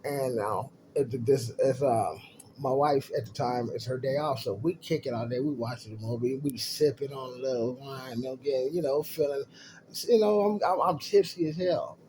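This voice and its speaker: A middle-aged man spins a personal story in loose, cussing everyday talk, checking in with his listener as he goes. His voice sits at an ordinary pitch with a mellow, dark tone, and a faint noise hums underneath. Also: moderate pace, low-quality recording. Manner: laid-back, swears freely, frequent "you know what I mean". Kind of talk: casual profane storytelling.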